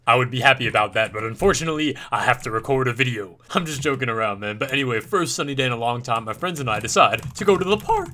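A young man tells a casual story while playing, rambling easily with plenty of fillers. His voice is bright and forward, set in a middling pitch. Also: lively intonation, fast, hardly any pauses. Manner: laid-back, filler-heavy banter. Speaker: gaming YouTuber. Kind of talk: casual storytelling over gameplay.

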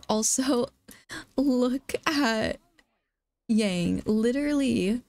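A woman giving casual, excitable gameplay commentary as a let's play host, often exclaiming. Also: on the high side, vocal fry, dry recording.

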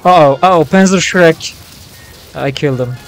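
A young man streaming a war game live, reacting loudly, swearing and yelling at his teammates. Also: a little high, moderate pace, faint music behind. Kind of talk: live gameplay commentary.

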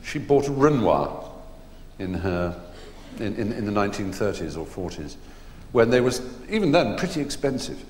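Middle-aged English man, deep voice, hesitant anecdotal storyteller on a live stage, faint hall reverb. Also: sing-song, normal speed, a little mellow. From England. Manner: rambling, hesitant storytelling with many fillers. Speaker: guest performer. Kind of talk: anecdotes before a live audience. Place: theatre stage. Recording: echoey hall, faint noise.

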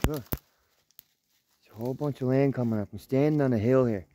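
A man in his thirties vlogging while hiking through the woods, excitable and swearing freely, talking to his dog as he goes. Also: mid-range voice, normal speed, a little hiss or hum. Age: 30s. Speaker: outdoors vlogger. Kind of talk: casual walking vlog. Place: outdoors in woods.

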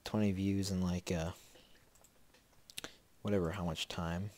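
Low-voiced man rambling through gameplay. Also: level tone, a little slow, a little mellow. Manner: rambling, filler-heavy, talking to himself. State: sniffly with a slight cold. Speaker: Let's Play host. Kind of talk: casual gameplay commentary.

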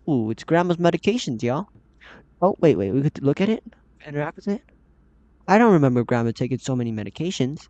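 A man's voice: on the high side, lively intonation, normal speed, pauses often, darkish tone, no echo. A man giving casual, jumpy horror gameplay commentary, talking to himself and calling out to the characters, his voice often cracking upward. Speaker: gaming channel host. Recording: slightly dull lo-fi mic.

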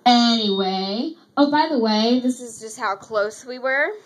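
A teenage girl telling an excited, rambling story in a casual vlog from her room. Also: a little high, a little slow, low-quality recording. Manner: gushing, rambling, says anyways a lot. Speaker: vlogger.

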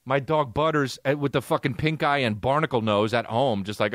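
A man's voice: mid-range voice, steady tone, brisk, a bit bright, no echo. A male comedian hosts a podcast, spinning a story in a punchy, profane, exasperated way. His voice sits in an ordinary middle range. The recording is dry and close. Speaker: podcast host.

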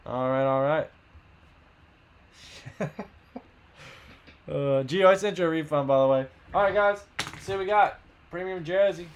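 A man hosting a live card box break, rattling off buyer names and teams in quick upbeat banter while losing his voice. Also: a little high, clear, resonant tone.

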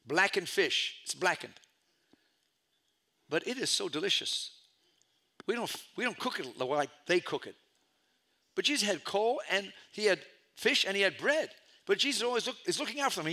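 A middle-aged man preaching a storytelling sermon as pastor, swinging from loud calls to hushed asides. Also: sits high.

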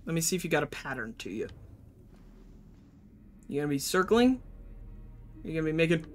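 A man's voice: on the high side, sing-song, brisk, pauses often. A young man streaming live, giving jittery, panicky commentary as he plays and talks to his chat.

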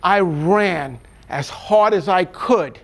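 A man's voice: high-pitched, slow pace, creaky. A middle-aged man, a former corrections officer, earnestly telling his life story in an interview and acting out the voices of the people in it.

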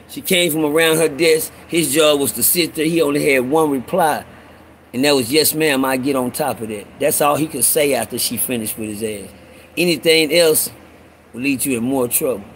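A man's voice: fairly high pitch, a little hiss or hum, low-quality recording. A man with a Texas accent telling a rambling, streetwise story to his listeners, cursing often and calling them y'all. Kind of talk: casual storytelling monologue.

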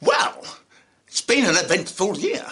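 A man hosting his own channel as an actor, giving a theatrical greeting in a hammy, drawn-out, sing-song manner and reciting rhyming verse. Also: high voice, huge pitch swings, sharp tone.

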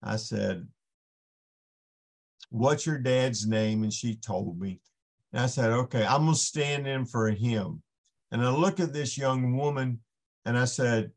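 Slow, unhurried storytelling man. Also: mid-range voice. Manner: unhurried storytelling, acts out the voices in his story. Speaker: podcast guest, minister. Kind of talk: casual storytelling testimony.

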